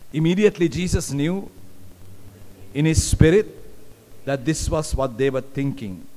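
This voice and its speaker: A man's voice: a little high, animated, unhurried, mellow. A man preaching a sermon, repeating phrases and putting questions to the congregation. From Sri Lanka. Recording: long hall reverb, live stream.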